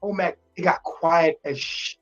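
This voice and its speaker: A man on a live stream telling a rambling personal story in a crude, animated, repetitive way, with a husky voice. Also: fairly high pitch, measured pace, soft background music. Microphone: stream mic. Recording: muffled lo-fi stream audio.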